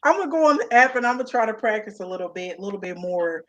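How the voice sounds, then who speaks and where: A young woman co-hosting a casual chat, animated and playful, laughing often. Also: mid-range voice, very fast, muffled recording. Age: young adult. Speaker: co-host.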